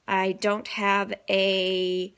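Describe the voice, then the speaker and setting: A woman's voice: medium pitch, monotone, extremely slow, fairly bright tone, smooth. Chatty young woman with a light Southern lilt. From New Orleans, Louisiana. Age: 20s. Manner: chatty, rambling, sleepy and self-deprecating. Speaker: vlogger. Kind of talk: casual accent-tag vlog. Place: in bed at home. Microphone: phone at arm's length.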